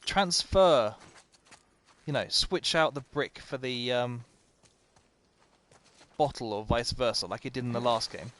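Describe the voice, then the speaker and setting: A man's voice: medium pitch, measured pace, long pauses, fairly bright tone. A man commentating live as he plays a video game, chatty and self-mocking, often talking to the game itself. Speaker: game streamer.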